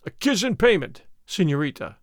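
A man reads an overbearing army captain with a purring, sneering delivery, his tone sliding freely up and down. The voice sits fairly high for a man and sounds close and dry, with no room around it. This is a storybook villain who presses, mocks and will not take no for an answer. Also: big pitch swings, normal speed, no room sound. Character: arrogant bold army captain suitor, male. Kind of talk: audiobook character reading.

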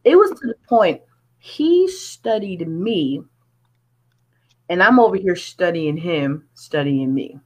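Woman, music artist, casual interview, earnest, chatty, lowish voice. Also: very animated, slow, a little mellow. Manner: earnest, chatty, many fillers and asides.

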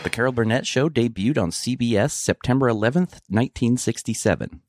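A man giving scripted documentary narration in an informative, expressive manner. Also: mid-range voice, fairly quick, no room sound, faint music behind.

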